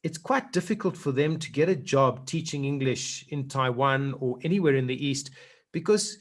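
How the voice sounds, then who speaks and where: A man's voice: mid-range voice, animated, normal speed. South African man coaching speakers. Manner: rambling and anecdotal, with many restarts. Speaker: public speaking trainer. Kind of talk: Q&A talk to a speakers' group.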